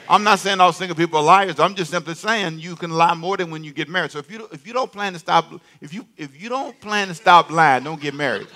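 A man's voice: a little high, fairly bright tone. An older man preaching a sermon in a conversational way, repeating phrases and getting the congregation to answer him aloud.

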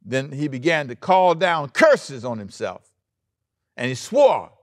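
A man pastor preaching a sermon in an animated way, acting out quoted lines and chuckling often. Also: medium pitch, slow pace, no room sound, clean studio sound.

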